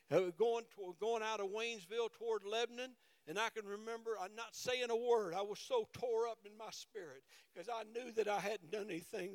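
Fervent high-voiced preacher, smooth and close. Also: male voice, dry recording. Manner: fervent, repetitive, with exclamations of praise. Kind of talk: sermon.

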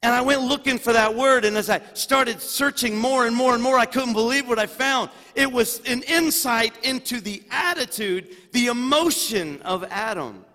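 A man preaching a sermon as pastor, animated and swinging from quiet asides to loud exclamations. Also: very high-pitched, moderate pace, few pauses. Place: church sanctuary. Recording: long reverb of a large hall.

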